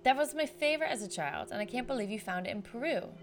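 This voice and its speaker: A woman's voice: on the high side, expressive, fast, faint music behind, voice pushed up. A woman voicing a middle-aged German male tourist with a German accent, fondly reminiscing. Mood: nostalgic.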